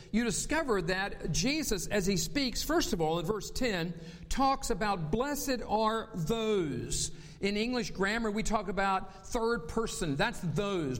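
A man's voice: high-pitched, big-room sound. A man from North Carolina with a faint Southern accent, preaching a sermon as pastor, stretching key words for emphasis.

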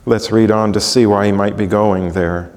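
A man's voice: on the low side, steady tone, normal speed. Preacher man in a reverberant hall. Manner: dramatic reading, swelling loud then dropping to a hush. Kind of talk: sermon with scripture reading.

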